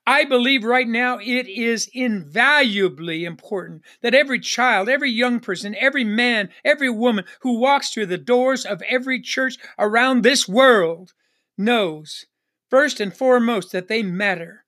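Pastor preaching a broadcast sermon, bright ringing voice, keeps repeating the refrain and asking for an amen. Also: medium pitch, normal speed. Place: Northern Arizona church ministry.

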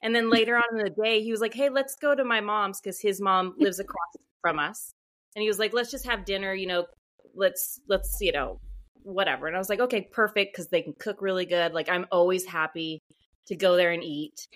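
Woman on a podcast telling a story, lots of likes and ums, animated. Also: mid-range voice, fairly quick. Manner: chatty, animated, lots of fillers. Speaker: guest author. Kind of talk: casual podcast interview storytelling.

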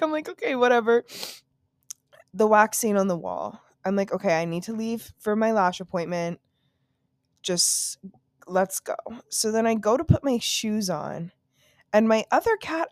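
A woman's voice: medium pitch, no echo, clean studio sound. A young woman telling a story to her podcast listeners at home, loose and profane, full of "like" and laughing asides. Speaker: podcast host. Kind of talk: casual solo storytelling.

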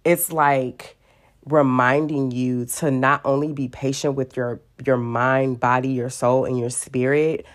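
A woman's voice: rumbling low, level tone, measured pace. A woman giving a casual, playful Bible talk full of fillers and asides. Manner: chatty and playful, many fillers, acts out voices. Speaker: Bible teacher. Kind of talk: casual devotional teaching.

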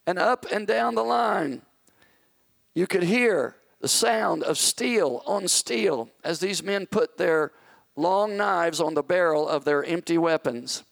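A male pastor telling a story in a sermon, acting out the characters and rising to shouted commands. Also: high voice, animated, measured pace, creaky, no room sound.

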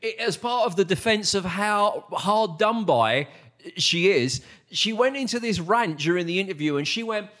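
A man's voice: high-pitched, moderate pace. A man co-hosting a podcast, telling anecdotes in casual chat and acting out quoted lines. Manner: animated anecdotes with put-on quotes. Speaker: podcast co-host.

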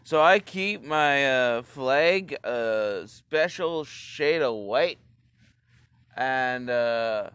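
A man's voice: mid-range voice, lively intonation, very slow, fairly bright tone, clear, resonant tone, dry recording. A man doing a rambling, crude comedic rant and swearing freely. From Canada.

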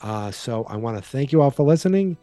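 A man's voice: mid-range voice, animated, a little fast, mellow, no echo, soft background music. A man with a Boston accent hosting a solo podcast in a rambling, playful, self-deprecating way. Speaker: podcast host. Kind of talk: casual solo podcast chat.

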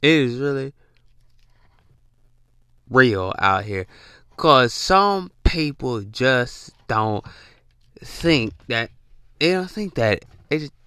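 A man's voice: medium pitch, big pitch swings, very slow, long pauses, sharp tone, clean tone, dry recording, clean studio sound. A man hosting a podcast, giving a preachy motivational monologue, calling out to listeners and often restarting with repeated words. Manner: repetitive call-outs to listeners; stammering restarts. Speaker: podcast host.

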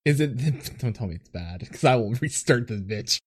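A man's voice: medium pitch, animated, moderate pace, breathy edge. A young man hosting a podcast in casual chat, joking and laughing often. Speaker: podcast host.

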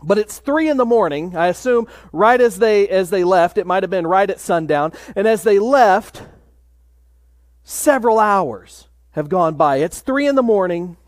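A man preaching a sermon in a measured way, dropping to a hush for emphasis. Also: high voice, lively intonation, no room sound, studio quality. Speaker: pastor.

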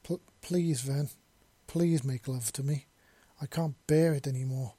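A man's voice: mid-range voice, measured pace, husky, no room sound. A man doing a shy, stammering young man. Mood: shy pleading. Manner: soft, stammering and panting.

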